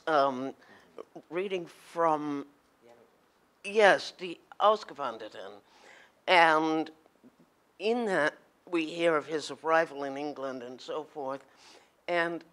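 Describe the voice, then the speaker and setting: Woman speaking slowly and deliberately. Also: deep voice, fairly bright tone. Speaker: panelist at a literary roundtable. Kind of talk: academic panel discussion.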